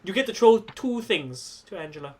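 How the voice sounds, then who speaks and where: A man's voice: sits high, very animated, darkish tone, breathy edge. A man acting as game master for a tabletop wrestling game, narrating with playful jokes and swearing. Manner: playful, swearing, quick to joke.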